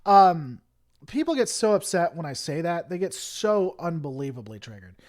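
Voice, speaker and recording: A man's voice: fairly high pitch, very animated, moderate pace, a little mellow. Southern man, young adult, livestream host, rambling, lots of ums, talking to chat. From Tennessee, US. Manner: rambling, many fillers and restarts, heated then apologetic. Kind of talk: casual live-stream chat answering viewers.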